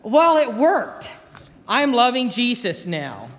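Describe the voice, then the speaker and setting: A male pastor voicing a brash, impatient young Marine who talks in a gruff, blunt way, pitching his voice higher and louder. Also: sing-song, takes it slowly, full character voice. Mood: brusque. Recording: long church reverb.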